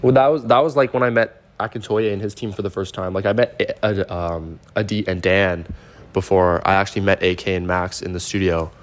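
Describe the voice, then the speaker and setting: A man's voice: low voice, fairly even intonation, a little fast. A young man with a Canadian accent, a podcast guest telling stories in loose, profane casual chat full of fillers. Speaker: guest, rapper.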